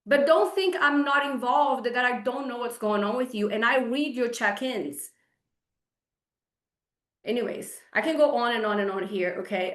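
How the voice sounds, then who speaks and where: Woman fitness coach, 40s, blunt, exasperated, lecturing, fairly high voice, echoey room, video call. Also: fairly bright tone. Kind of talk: scolding group coaching call.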